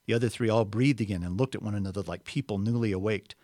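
A man reading a story aloud expressively, pausing for explanatory asides. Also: lowish voice, a little mellow, no echo, studio quality. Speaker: reader.

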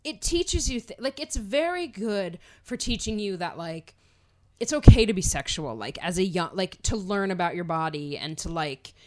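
A woman's voice: medium pitch, lively intonation, moderate pace. Giggly woman podcast co-host. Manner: giggly, teasing, says "like" often. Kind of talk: casual banter podcast.

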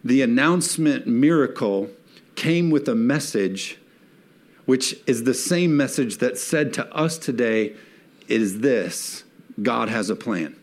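A man's voice: mid-range voice, animated, slow pace. A man preaching a sermon in a church, reading scripture and rising to emphatic peaks as he calls on the congregation to respond. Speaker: pastor.

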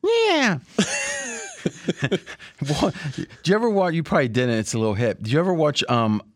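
A man hosting a casual sports-betting podcast, rambling in animated asides. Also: medium pitch, rapid-fire, no echo, clean studio sound. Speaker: podcast host.

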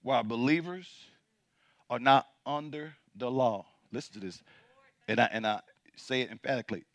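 A man's voice: moderate pace, dry recording. A man preaching a sermon as pastor, reading scripture aloud and calling out questions to the congregation. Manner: builds from low and quiet to loud and high.

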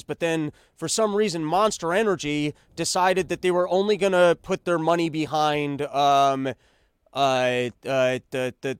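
Man, fairly high voice, dry close mic, profane sarcastic rant, stammering restarts. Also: clear, resonant tone, dry recording. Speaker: podcast host. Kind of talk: casual ranting commentary.

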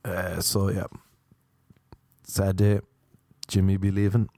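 A man's voice: low voice, level tone, slow, mellow, dry recording. A young Irish man hosting a podcast, telling a rambling, self-deprecating comic story. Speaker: podcast host.

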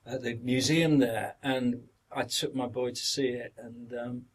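Unhurried and level in tone, an older man with a Yorkshire accent from northern England reminisces as an actor and podcast guest. His mid-range voice is slightly rough, and the recording is too. His anecdotes ramble, he repeats words, and he sometimes acts out other people's lines.

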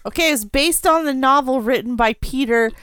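A woman's voice: sits high, normal speed, fairly bright tone, smooth, dry recording, studio quality. A woman co-hosting a podcast, reading out movie credits in casual chat and giggling now and then. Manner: reads film facts, giggles. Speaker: podcast co-host.

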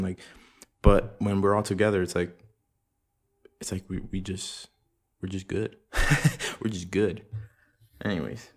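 A young man hosting a casual solo podcast, rambling in laid-back, profane slang. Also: deep voice. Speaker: podcast host. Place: room at home with audible room echo.

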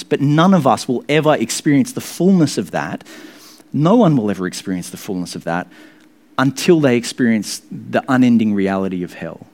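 An earnest male preacher delivering a sermon. His voice sits at a mid pitch and swings up in sudden, forceful rises for emphasis. Between those peaks he drops back to a quieter, steadier delivery.

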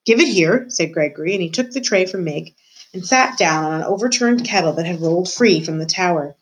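A woman's voice: fairly low pitch, fairly quick, slightly rough, rough recording. A woman, a teacher, narrating a storybook aloud for students and speaking directly to her listeners. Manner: expressive, addresses the listener directly.

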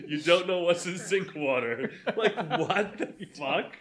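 Male podcast co-host, slightly high and very lively voice, animated storyteller. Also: slow pace, few pauses, background noise. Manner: animated storytelling, swearing, laughing often. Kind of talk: casual chat.

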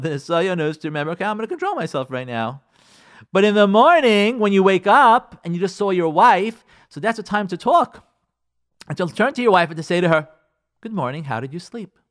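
A man's voice: sits high, animated, brisk. A man who is a rabbi giving earnest marriage advice on a radio talk show, repeating phrases for emphasis.

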